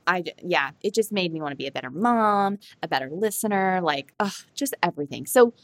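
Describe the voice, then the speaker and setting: A woman's voice: on the low side, lively intonation, a little fast, dry recording. A woman in her thirties co-hosting a podcast, chatting casually in a bubbly, giggly, rambling way. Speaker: podcast co-host. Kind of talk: casual chat.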